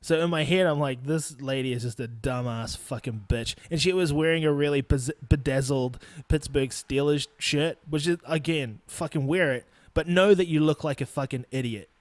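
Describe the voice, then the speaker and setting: A man's voice: on the high side, normal speed, hardly any pauses, no echo. Profane New Zealand man ranting. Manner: blunt and profane, laughing between points. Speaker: podcast host. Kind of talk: casual solo podcast rant.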